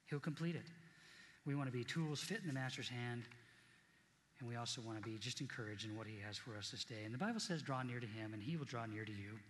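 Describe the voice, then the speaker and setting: A man's voice: mid-range voice, fast, fairly bright tone, long reverb tail, a little hiss or hum. A middle-aged man preaching a sermon as pastor, earnest and conversational, repeating key points for emphasis.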